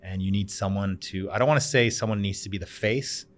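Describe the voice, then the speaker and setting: Speaking briskly in a fairly low voice, a Canadian bar owner in his thirties chats on a podcast as a guest. He's an animated storyteller who acts out the other people's voices in this casual conversation.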